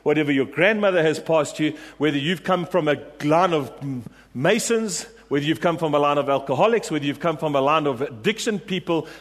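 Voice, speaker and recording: A man's voice: fairly high pitch, expressive, brisk. A man preaching a sermon, emphatic and repetitive, rallying his congregation with questions and refrains. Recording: long reverb of a large hall.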